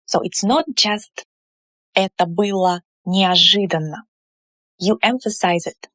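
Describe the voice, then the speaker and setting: A woman with a Russian accent teaching a language lesson, explaining slowly and carefully and drawing out her example words. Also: mid-range voice, no room sound.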